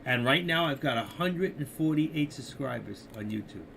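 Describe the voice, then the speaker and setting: A man's voice: mid-range voice, lively intonation, normal speed, creaky, a bit bright, slight background noise. An older man hosting a casual live stream, talking markets and opinions in a rambling, opinionated way, speaking straight to his viewers.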